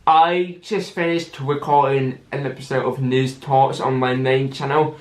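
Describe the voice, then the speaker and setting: A man hosts a casual solo podcast in an unhurried, drawn-out way. He stumbles and restarts words as he goes. The sound carries a noticeable room echo. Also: medium pitch, level tone. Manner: stammering, restarts words often. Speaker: podcast host.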